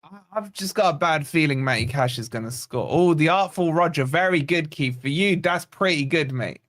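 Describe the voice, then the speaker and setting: A man's voice: a little high, normal speed, fairly bright tone. A man hosting a live fan watch-along stream, reading out chat comments with chatty, teasing banter. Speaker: fan channel host.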